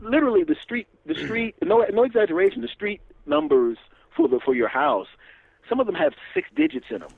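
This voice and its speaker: A man, a comedian telling stories in an animated, profane way as a guest. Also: sits high, a little fast, creaky, no room sound. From Philadelphia area, USA. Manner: animated, swearing, laughs often, acts out dialogue. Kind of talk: casual storytelling interview. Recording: dull lo-fi radio recording.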